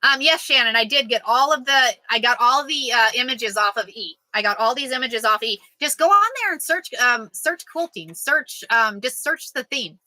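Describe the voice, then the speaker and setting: A woman's voice: fairly high pitch, moderate pace, hardly any pauses, pushed and bright, no room sound, rough recording. A woman chatting casually as a quilting vlogger, joking and answering viewers. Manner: chatty, jokey, reads out sayings and answers viewers. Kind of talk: casual live chat.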